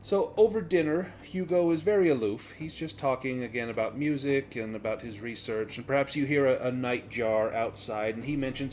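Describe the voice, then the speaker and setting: A man running a tabletop game as game master, narrating in a relaxed, conversational way. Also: mid-range voice, normal speed, few pauses, a little hiss or hum.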